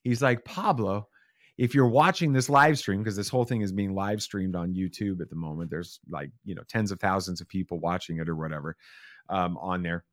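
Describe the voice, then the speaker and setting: A man with a somewhat low voice tells a long story as a podcast guest, animated and casual, slipping into other voices for the quotes. The sound is close and dry. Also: brisk, no echo. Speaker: father.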